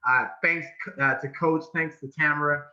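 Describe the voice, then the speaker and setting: A man's voice: a little high, fairly even intonation, normal speed, sharp tone, lo-fi sound. A man giving an encouraging tribute to a colleague, building with repeated phrases. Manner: encouraging, preacher-like repetition. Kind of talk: casual tribute speech.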